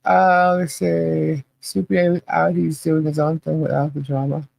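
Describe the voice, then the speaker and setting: A woman hosting a live podcast stream and reading the chat, chatty and halting, laughing often. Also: low-pitched, flat delivery, vocal fry, a little mellow, poor audio.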